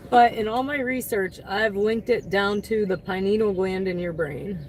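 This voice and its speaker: A woman's voice: mid-range voice, a little slow. A woman delivery driver chatting to her livestream from inside her car, rambling and earnest. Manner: rambling, earnest, talks to chat between orders. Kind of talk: casual livestream chat while driving. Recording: loud road noise in a moving car.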